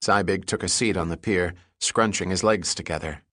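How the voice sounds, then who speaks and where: A man with a low voice reads an audiobook in steady, measured narration. The sound is dry and close, with no room around it. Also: dry recording. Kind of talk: scripted narration.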